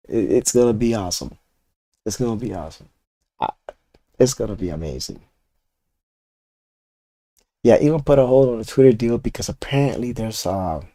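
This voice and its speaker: A man's voice: on the low side, warm tone, dry recording. An older man of Puerto Rican roots, a comic artist ranting casually and profanely to his chat while he inks. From Puerto Rico. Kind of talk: casual rant while inking art.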